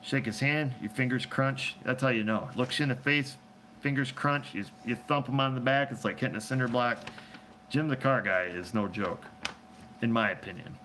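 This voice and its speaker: A man's voice: mid-range voice, normal speed, a bit bright, slight background noise. A man hosting a casual live chat, answering viewer questions in a rambling, joking way and laughing often, recorded on a phone.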